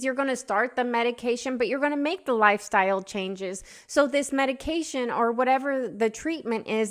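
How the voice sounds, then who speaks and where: A woman's voice: on the high side, fairly bright tone. A woman from the United States talking in a casual opinion vlog, chatty and emotional, rambling with many fillers. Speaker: vlogger.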